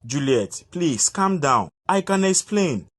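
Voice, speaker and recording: A man's voice: fairly high pitch, very animated, slow, fairly bright tone, exaggerated voice. A man voicing a deceitful young lover in a cartoon, begging forgiveness. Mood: pleading. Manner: pleading, begging. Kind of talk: cartoon voice acting.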